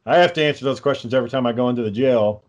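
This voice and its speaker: A man's voice: medium pitch, racing, muffled recording. A man chatting casually, asking easygoing questions. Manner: laid-back, asks questions, drawls y'all. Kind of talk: casual chat.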